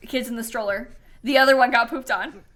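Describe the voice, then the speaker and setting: Livestreaming a game, a woman with a slightly high, bright voice talks fairly quickly. She chats casually and tells stories, laughing often.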